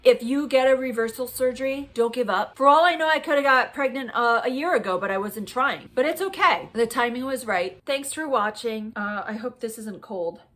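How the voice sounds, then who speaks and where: A woman's voice: on the high side, moderate pace, few pauses. Chatty woman in her thirties, phone vlog. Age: 30s. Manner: chatty, animated retelling with quoted dialogue and laughs. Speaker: vlogger. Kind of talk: casual storytelling to camera. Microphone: phone camera.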